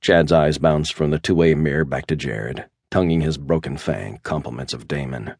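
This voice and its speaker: Deep-voiced man narrating an audiobook. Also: moderate pace, gravelly, a little mellow, breathy edge, no room sound, studio quality. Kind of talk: scripted narration.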